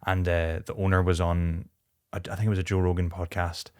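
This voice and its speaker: A man hosting a podcast, chatting in a relaxed way and retelling anecdotes. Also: deep voice, brisk, dry recording, studio quality. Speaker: podcast host. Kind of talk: podcast interview.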